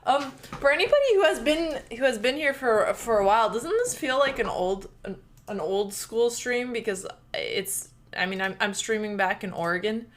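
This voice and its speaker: Woman streamer, high voice, casual chatty delivery, thanks viewers by name, slightly sore throat, home setup. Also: expressive, moderate pace. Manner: chatty, reads out viewer names and thanks them. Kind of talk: casual live-stream chat. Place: home room.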